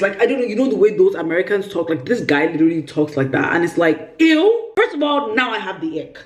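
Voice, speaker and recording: A young woman tells a story in a vlog, theatrical and full of exaggeration. Her voice sits in a middle pitch. The room adds a clear echo around her. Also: fast talker, hardly any pauses. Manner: animated, dramatic, exaggerated storytelling. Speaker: vlogger. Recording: roomy echo.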